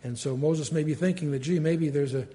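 An older man, his voice sitting a little high, teaches the Bible like a chat among friends. He reads old verses aloud with swelling emphasis, then drops back into easy asides full of "you know" and "uh", recorded close on a podcast mic. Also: steady tone, brisk, dark tone.

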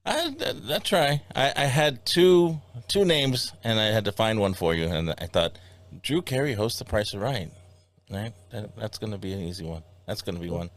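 A man's voice: lowish voice, expressive, moderate pace. A man hosting a comedy podcast, joking and rambling with restarts. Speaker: podcast host. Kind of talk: casual comedy podcast chat.

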